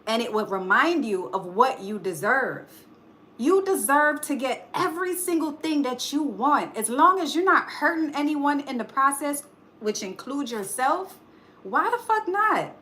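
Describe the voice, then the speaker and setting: A woman's voice: sits high, big pitch swings, measured pace, bright, forceful tone. A woman doing a live tarot reading, speaking emphatically in a preachy motivational way and swearing casually. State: choked up. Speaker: tarot reader.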